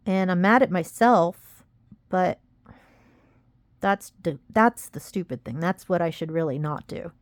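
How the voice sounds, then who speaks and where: A woman's voice: lowish voice, measured pace, long pauses, dry recording. A young woman vlogging casually, rambling and frustrated, close to tears as she warns viewers. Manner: rambling, frustrated, self-critical. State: upset, near tears. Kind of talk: casual confessional vlog.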